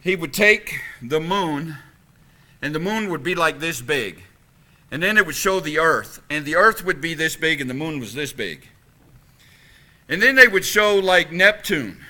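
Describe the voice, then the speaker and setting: A man preaching a sermon as pastor in a church, animated and emphatic, swinging from loud peaks to quiet passages. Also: a little high, a little slow. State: out of breath. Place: church sanctuary.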